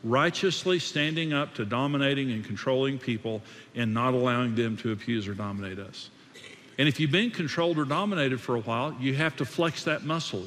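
A man's voice: medium pitch, fairly bright tone, slight background noise. Emphatic preaching man in a hall. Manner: emphatic, repetitive preaching with restarts. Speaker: pastor. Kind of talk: sermon.

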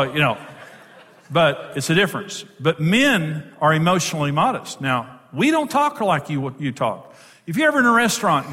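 A man's voice: sits high, bright, forceful tone. A middle-aged man giving a humorous talk on marriage, joking and acting out little quotes as he teaches. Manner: jokey, self-deprecating, acts out quotes. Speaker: marriage speaker. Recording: long reverb of a large hall.

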